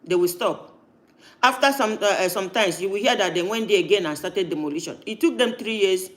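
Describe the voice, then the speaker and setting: A man with a strikingly high voice hosts a heated live-stream talk. He talks insistently and breaks in on others with strings of repeated no's. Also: brisk, a bit bright.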